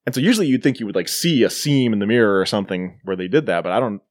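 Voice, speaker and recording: Male podcast co-host, lively pitch, dry close sound, casual movie recap. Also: racing, dry recording. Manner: animated retelling, mimics characters in quoted bits. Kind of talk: casual movie review chat.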